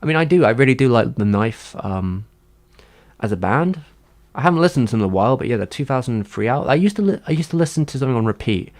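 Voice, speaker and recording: A man's voice: medium pitch, sing-song, fast, darkish tone. A man chatting casually on a livestream, answering his chat in a rambling, hesitant way with many fillers and restarts.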